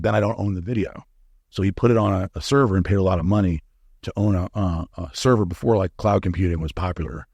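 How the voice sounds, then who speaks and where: A middle-aged man talks candidly in an interview, swearing freely and acting out the lines of the people in his story. His voice sits low and crackles with fry. The sound is dry and close. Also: darkish tone, no room sound. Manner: candid, profane, acts out quoted dialogue. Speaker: guest, supplement company founder.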